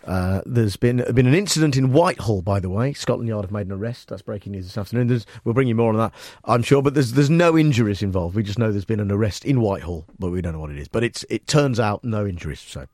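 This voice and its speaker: A man's voice: fairly low pitch, expressive, fast, hardly any pauses, a little mellow, dry recording, clean studio sound. A man hosting a comic radio show, rambling through the news with fillers and jokes. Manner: rambling, jokey, many fillers. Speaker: radio presenter.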